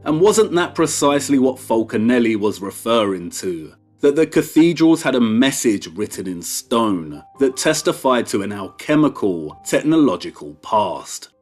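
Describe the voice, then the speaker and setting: Man, scripted documentary narration, deliberate, animated pitch, soft music bed. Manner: slow, deliberate and emphatic. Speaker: video essay narrator.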